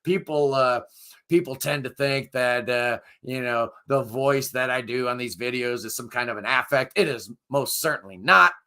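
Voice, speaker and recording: A middle-aged man, hoarse and losing his voice, hosting a music review channel and chatting casually with viewers in a rambling, enthusiastic way. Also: mid-range voice, moderate pace, pushed and bright. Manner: rambling, enthusiastic, self-deprecating. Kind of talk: casual live chat with viewers.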